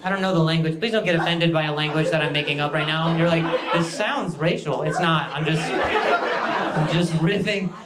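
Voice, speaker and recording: Sex: man. Role: stand-up comedian. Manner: sarcastic, mock-boastful. Pitch: high. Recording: echoey stage, loud noise. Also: steady tone, fairly quick.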